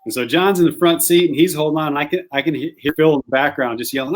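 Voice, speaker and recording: A man guest, a hunting guide, telling a rambling, animated anecdote in casual conversation. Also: a little high, quick pace, hardly any pauses. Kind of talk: casual storytelling.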